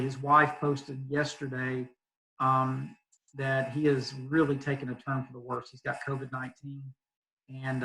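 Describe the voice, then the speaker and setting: A youth pastor from Southeast Arkansas with a Southern accent, talking easygoingly on a video call, laughing often and leaning on fillers. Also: male voice, mid-range voice, pushed and bright, slight background noise, rough recording. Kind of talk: casual video call chat.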